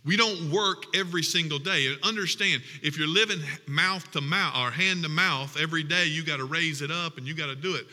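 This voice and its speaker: A male pastor delivers a sermon with a very bright, ringing voice, pitched slightly above the usual for a man. He swings from scripture readings into emphatic, punchy appeals and playful asides. The sound carries a long reverb from a large church hall. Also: fairly quick, few pauses. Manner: preaching with rising emphatic passages and humorous asides.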